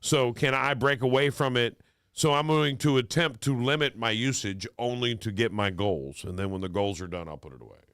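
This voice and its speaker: A man's voice: mid-range voice, moderate pace, a bit bright, clear, resonant tone, dry recording, studio quality. A man co-hosting a radio show in casual chat, rambling and restarting his sentences as he makes his point. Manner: rambling, self-interrupting, emphatic.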